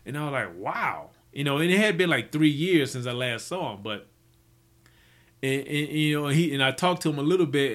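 A man's voice: fairly high pitch, animated, fairly quick, fairly bright tone. A man telling stories from his business life in a rambling, casual way, full of restarts and fillers. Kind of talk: casual storytelling.

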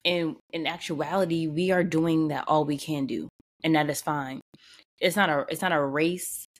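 A woman's voice: deep voice, fairly even intonation, moderate pace. A woman hosting a casual, faith-based motivational talk, speaking conversationally, repeating phrases for emphasis and laughing often. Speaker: podcast host.

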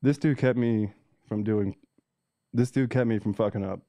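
A cannabis seed breeder tells a heated, profanity-filled story in a casual monologue, ranting and reading messages aloud, emotional and teary at times. His lowish voice is mellow and moderately paced, with no room sound.

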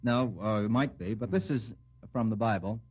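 A man's voice: on the low side, moderate pace, darkish tone, a little hiss or hum. A man hosting a radio quiz show, genially quizzing the panelists by name and adding wry remarks. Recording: muffled 1940s radio broadcast.

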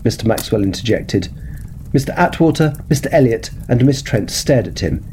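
A man reads a period detective story aloud, measured and expressive. His mellow voice rises and falls freely in pitch, with faint ambient sound behind him. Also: a little hiss or hum. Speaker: story reader.

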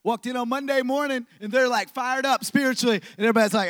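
A man preaching a sermon as pastor. He swings from loud shouting to hushed whispers and repeats phrases for emphasis. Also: very high-pitched, quick pace, no echo.

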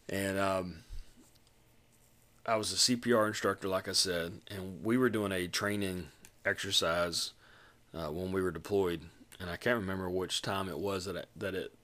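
Middle-aged man, low voice, casual rambling storyteller with restarts who livens up when quoting people. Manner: rambling, many restarts, rises to animated retelling of quotes. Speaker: podcast host.

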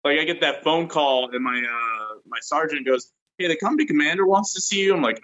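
Rambling bright-voiced man on a call. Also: on the high side, expressive, fairly quick, lo-fi sound. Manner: rambling storyteller, acts out quotes. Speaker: guest. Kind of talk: casual video-call chat. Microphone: video call.

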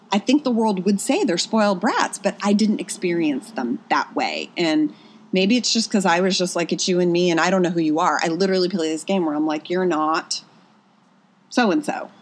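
A woman in her thirties from Pennsylvania, a personal trainer chatting as a guest, telling stories with lots of restarts. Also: mid-range voice. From Pennsylvania, USA. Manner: animated storyteller with frequent restarts. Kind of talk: casual interview chat.

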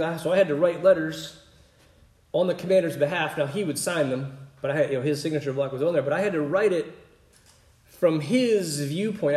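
Guy preaching casually, kinda high voice, lots of room echo. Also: darkish tone. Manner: conversational, keeps asking "right?". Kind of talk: sermon.

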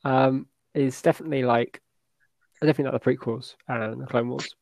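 A man appearing as a podcast guest in casual chat, who answers haltingly with many fillers and restarts. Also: mid-range voice, steady tone, creaky, a little mellow, no echo.

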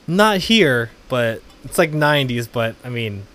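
A man's voice: medium pitch, lively intonation, measured pace, bright, forceful tone. A man co-hosting a casual podcast chat, joking around and laughing, often slipping into exaggerated voices. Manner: joking, laughing, swings into exaggerated put-on lines. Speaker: podcast co-host.

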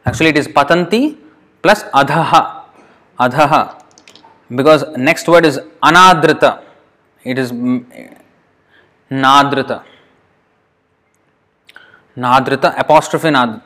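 In a medium-pitched, slightly bright voice, a male Sanskrit teacher walks through sandhi rules, spelling words patiently and saying them again slowly.

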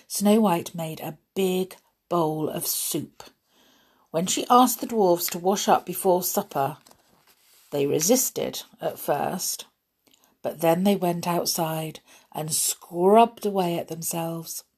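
A woman narrating a children's story in a gentle, friendly way and then warmly signing off to her listeners. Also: fairly low pitch, breathy edge. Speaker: storyteller host.

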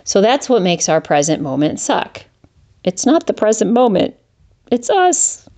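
A middle-aged woman talks straight into a podcast mic, candid and profane. When a rant takes hold her voice shoots up high and turns exasperated, then drops back to plain talk at an ordinary pitch. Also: lively intonation, moderate pace, dark tone. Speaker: podcast host. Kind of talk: solo podcast monologue.

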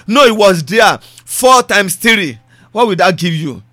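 Man, sermon, high pitched, bright, repeating phrases for emphasis, dry close sound. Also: expressive, unhurried, no echo. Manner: preaching with repetition and rising emphasis. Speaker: preacher.

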